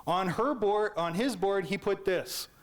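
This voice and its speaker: A Canadian man with a high, light voice speaks a little slowly during a public lecture. He shares his story in a spirited, playful manner, throws questions to the audience, and voices his teachers in character.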